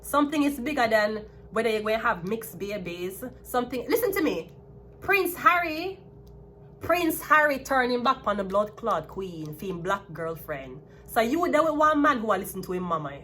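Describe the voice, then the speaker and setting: A woman's voice: mid-range voice, very animated, moderate pace, few pauses, a bit bright, a little hiss or hum. A Jamaican woman in her thirties giving a casual, emphatic tarot reading, talking animatedly and repeating her points. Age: 30s. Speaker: tarot reader.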